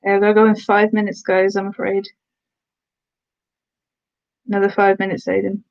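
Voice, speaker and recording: A woman's voice: medium pitch, completely flat delivery, normal speed, darkish tone, muffled recording. A woman from the Black Country, England, chatting casually on a live stream, answering viewers' comments and slipping into giantess role-play. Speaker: ASMR streamer.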